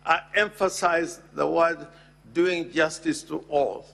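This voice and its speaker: A man, making a formal legal address to a Senate chamber and deliberately reading out and stressing constitutional text. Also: fairly high pitch, fairly even intonation, creaky, a bit bright. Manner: deliberate, emphatic, reads legal text aloud.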